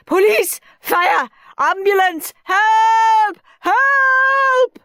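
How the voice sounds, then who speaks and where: A woman voicing a stern, easily rattled male schoolteacher who shouts and screeches in an audiobook. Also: extremely high pitch, extremely slow, no room sound, clean studio sound, voice pushed up, full character voice. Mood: panicked. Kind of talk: audiobook character voice.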